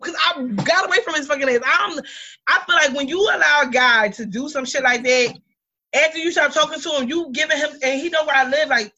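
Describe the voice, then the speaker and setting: A woman in her thirties co-hosting a podcast, telling a story in blunt, lively chat with lots of swearing. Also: sits high, fairly quick, lo-fi sound. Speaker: podcast co-host. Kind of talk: casual chat.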